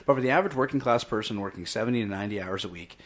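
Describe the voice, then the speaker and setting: A man's voice: on the low side, very fast. A young man on a podcast as a guest, brash and fiery, swearing freely as he rants about politics. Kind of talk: heated political discussion.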